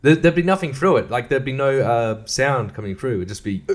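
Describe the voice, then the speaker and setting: A man's voice: mid-range voice, unhurried. Profane rambling man hosting a solo podcast. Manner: profane, rambling, laughs often, stammers and restarts. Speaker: podcast host.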